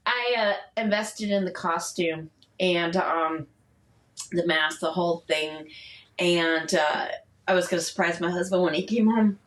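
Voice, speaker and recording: A woman's voice: lowish voice, unhurried. A woman co-hosting a podcast, telling a funny story in casual chat and laughing often as she goes. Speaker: podcast co-host. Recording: roomy sound, distant from the mic.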